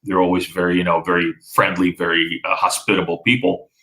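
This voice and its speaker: A man from the former Soviet Union, Russian his first language, talks in a relaxed, rambling way. His voice sits on the low side. He stops and restarts often and fills gaps with "you know". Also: fairly quick, rough recording. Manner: rambling, many fillers and restarts. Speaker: interviewee. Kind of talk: casual conversation.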